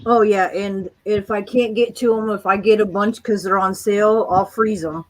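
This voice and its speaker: An agreeable speaker chiming in during a relaxed chat, with a mid-range voice and a faint hiss behind. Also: medium pitch, moderate pace, rough recording. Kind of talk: casual chat.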